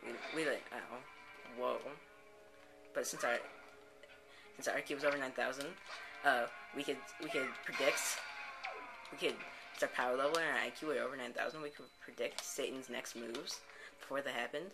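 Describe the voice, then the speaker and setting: A man's voice: mid-range voice, fairly even intonation, normal speed, creaky, long pauses, rough recording. A man, the host of a gameplay channel, improvising a rambling story full of "and then, like" restarts. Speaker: let's play host. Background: background music.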